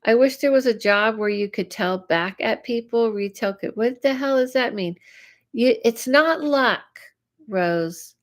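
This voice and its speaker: A woman's voice: fairly high pitch, unhurried. A woman psychic host giving live readings, chatty and reacting to viewer comments aloud. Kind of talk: live-stream reading chat.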